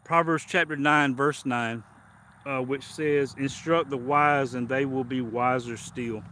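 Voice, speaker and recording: A man's voice: mid-range voice, fairly even intonation, measured pace, pushed and bright, slight background noise. A man hosting a casual livestream, chatting easily, greeting viewers and reading a devotional aloud. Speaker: live stream host.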